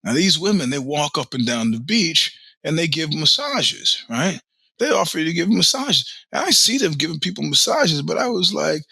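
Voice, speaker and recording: Bright, husky-voiced man telling stories. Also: medium pitch, lively intonation, normal speed, no room sound, rough recording. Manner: rambling storytelling with profanity and laughs. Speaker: podcast host. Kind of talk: casual monologue. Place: beach town in Spain.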